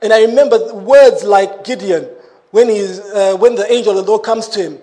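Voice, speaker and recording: A man delivers a sermon in a strikingly high voice. He talks in an animated way and keeps breaking into laughing asides. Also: normal speed. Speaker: preacher.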